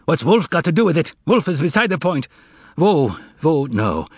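A man's voice: fairly high pitch, big pitch swings, moderate pace, husky, no echo, studio quality, pitched above the performer's own voice, heavily acted. Man playing a furious young poet. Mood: agitated. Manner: angry, agitated.

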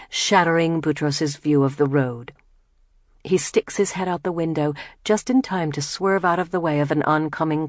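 A woman narrator reads a novel aloud in a low voice, measured and soft. Her pace is slow and steady, and the sound is dry and close with no room echo. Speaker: audiobook narrator. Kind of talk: scripted narration.

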